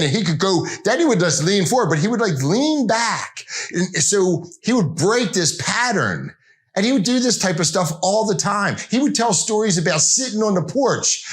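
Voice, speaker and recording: A man's voice: high-pitched, fairly bright tone. A middle-aged man giving an informal sales training talk, conversational and rambling, with frequent restarts.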